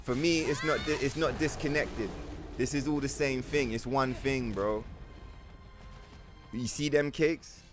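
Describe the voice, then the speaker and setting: A man's voice: mid-range voice, steady tone, measured pace, over music. A young man streaming a game, ranting casually with lots of profanity and playful mock voices. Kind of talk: casual livestream rant while gaming.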